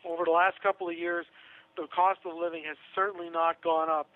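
A man's voice: a little high, little pitch movement, fairly quick. A man talking casually on a radio show, chatty and sarcastic, laughing through his own asides. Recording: tinny phone line.

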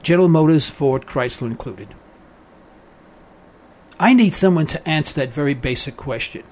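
A man with a notably high-pitched voice hosts a call-in radio show. He is middle-aged and tells his stories in a folksy, emphatic manner, acting out what others said. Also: animated, moderate pace, a little mellow. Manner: storytelling, folksy and emphatic, acts out quotes. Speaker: radio talk show host. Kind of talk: call-in talk radio monologue.

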